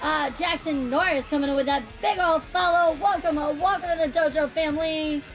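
Live-streaming a racing game, a woman with a high-pitched, steady voice talks a little fast. She laughs often and chats in a bubbly way with friends and viewers, with music audible behind her.

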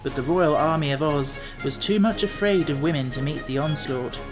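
Male audiobook narrator, measured storyteller, light music underneath. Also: fairly high pitch. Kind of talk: scripted narration.

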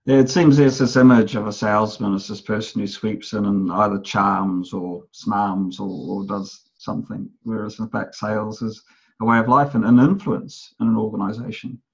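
A man's voice: lowish voice, steady tone, normal speed, husky, dull audio. A male interviewer asking questions in a thoughtful, hesitant way. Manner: thoughtful, hesitant phrasing with fillers. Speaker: interviewer, host. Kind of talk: conversational interview.

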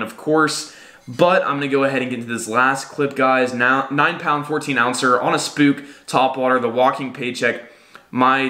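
A man's voice: mid-range voice, pushed and bright. A man hosting a fishing channel, talking straight to viewers in an upbeat, casual way. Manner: upbeat, addressing viewers directly. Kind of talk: casual vlog intro and outro.

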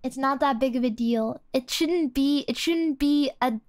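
Excitable young woman streamer with a high voice. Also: measured pace, dry recording, studio quality. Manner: excitable, exclamatory, casual. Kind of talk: live music review stream.

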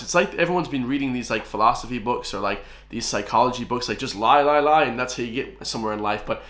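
Irish male reactor, mid-pitched, chatty and excitable, room echo. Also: normal speed. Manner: excitable, keeps saying "man" and "guys". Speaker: music reaction host. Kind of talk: casual reaction commentary.

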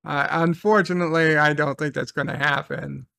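A man with a fairly high, bright, forceful voice talks through a TV episode recap and review. He takes his time, circles back to repeat phrases, and swears casually. The sound is dry and close. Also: fairly even intonation, normal speed, creaky, no room sound.

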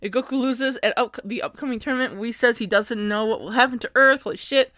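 A woman's voice: a little high, fast, a bit bright, no echo, studio quality. A young woman reacting to an anime episode, often screaming, squealing and laughing, and swearing freely. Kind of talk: excited reaction commentary.

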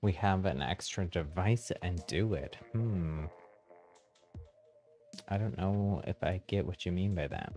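A man streaming a game, chatting casually with viewers, a bit hesitant and quick to laugh, his voice a little hoarse. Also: low-pitched, faint music behind. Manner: relaxed, hesitant, laughs often. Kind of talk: casual live-stream chat.

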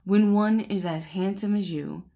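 A woman's voice: medium pitch, unhurried, gravelly. A woman reading as a pompous boastful collar. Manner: pompous, gushing flattery. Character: vain boastful male shirt collar, flattering suitor.

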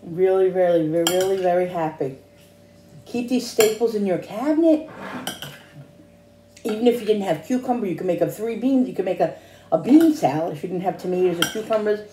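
A woman's voice: mid-range voice, expressive, normal speed, mellow, slight background noise. A woman chatting casually in a home cooking vlog, rambling with restarts and tasting hums. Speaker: cooking vlogger. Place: home kitchen. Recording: echoey kitchen with dish clatter.

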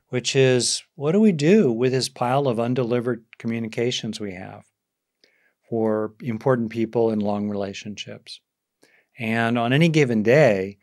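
A man teaching on a live video call, reflective and conversational, with frequent fillers and restarts. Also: fairly low pitch. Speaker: meditation teacher hosting a Q&A. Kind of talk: live online talk with questions.

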